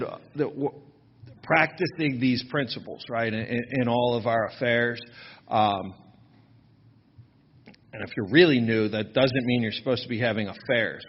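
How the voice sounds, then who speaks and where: A man's voice: mid-range voice, big-room sound. A man speaking casually to a workshop audience, chatty and self-deprecating, often checking in with "right?" asides. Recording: slightly dull, lo-fi recording.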